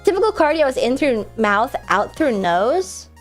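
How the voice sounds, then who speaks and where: A woman's voice: sits high, big pitch swings, measured pace, faint music behind. A woman streamer, stuffed up from a cold, chatting casually and giggling while she reads out viewer messages. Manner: chatty and giggly, with lots of likes and restarts.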